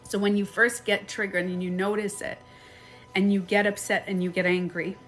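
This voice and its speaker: A woman's voice: medium pitch, normal speed, faint music behind. Chatty woman coaching on a live stream. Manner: chatty, animated, acts out quoted phrases, laughs often. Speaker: life and beauty coach. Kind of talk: casual live-stream advice talk. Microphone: phone.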